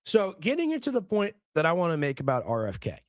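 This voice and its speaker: A hoarse man hosting a live political stream, ranting in a rambling, heated way and often repeating his words. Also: fairly high pitch, huge pitch swings, fast, dry recording. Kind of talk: casual ranting commentary stream.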